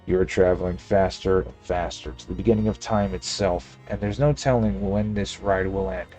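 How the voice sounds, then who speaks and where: Southern male let's-player, low voice, playful, reads game text aloud, faint music. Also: fairly even intonation, normal speed, dark tone. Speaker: gaming channel host. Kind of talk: let's play commentary reading game text.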